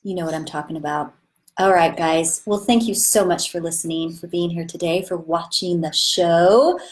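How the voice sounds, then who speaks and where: A woman's voice: fairly low pitch, moderate pace. Chatty, enthusiastic woman acting teacher. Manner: enthusiastic, chatty, demonstrates with sudden bursts. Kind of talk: live-streamed acting lesson. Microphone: webcam or phone on a live stream.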